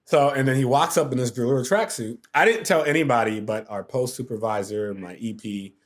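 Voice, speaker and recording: A man's voice: medium pitch, a little fast. A middle-aged man telling a story as a podcast guest, acting out quotes and sound effects as he goes. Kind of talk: casual storytelling.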